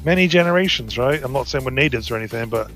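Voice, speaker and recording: A man's voice: medium pitch, animated, very fast, a bit bright, faint music behind. A man with an American accent with British undertones, chatting in a rambling way while gaming on stream, tagging "right?" onto his points. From United States. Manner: rambling, many "like" and "right?" tags. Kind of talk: casual chat while gaming.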